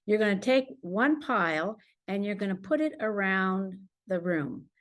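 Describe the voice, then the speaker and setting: A woman's voice: mid-range voice, expressive. Patient woman teacher explaining to parents. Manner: patient, slows down to model words for children. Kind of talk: instructional talk to parents.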